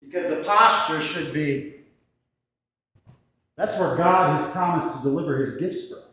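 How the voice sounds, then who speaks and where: Male pastor, somewhat high voice, relaxed thoughtful teaching talk, recorded in a reverberant church with shifting mic distance. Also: unhurried. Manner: conversational, thoughtful, with restarts and gestures. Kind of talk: casual teaching talk to a congregation. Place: church sanctuary. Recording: echoey church room.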